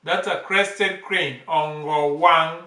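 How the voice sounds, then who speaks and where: A man teaching bird names, saying each word slowly and repeating it several times. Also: a little high, fairly even intonation, bright, forceful tone. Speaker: language teacher. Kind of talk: slow vocabulary lesson, repeating each word. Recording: echoey room, off-mic.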